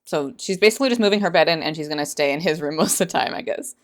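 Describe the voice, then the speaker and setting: A woman's voice: deep voice, very fast. A woman hosting a casual book reaction vlog, sarcastic and rambling, often laughing at her own jokes. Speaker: book reviewer.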